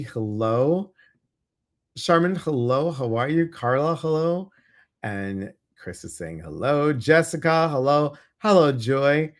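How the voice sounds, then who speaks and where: A man hosting a livestream podcast, chatting casually and greeting viewers by name. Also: medium pitch. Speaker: podcast host.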